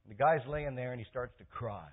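A male pastor preaching a sermon, telling a story and swinging from hushed tones to loud, excited peaks. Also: mid-range voice, fairly quick, slightly rough, narrow, tinny audio.

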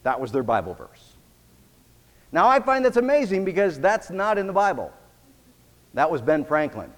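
A male pastor preaching in a fairly high voice. He drives his points home emphatically, rising to loud declarations and then dropping to near hushed tones. The long reverb of a church hall trails after each phrase. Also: very animated, normal speed. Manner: emphatic preaching with wide swings in loudness. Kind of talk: sermon.

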